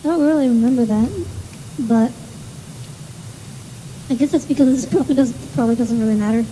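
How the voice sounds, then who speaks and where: A young woman vtuber chatting casually while gaming, with a monotone, hesitant delivery that often trails off. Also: on the high side, a little fast, slight background noise, low-quality recording. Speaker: vtuber streamer. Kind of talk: casual gameplay chat.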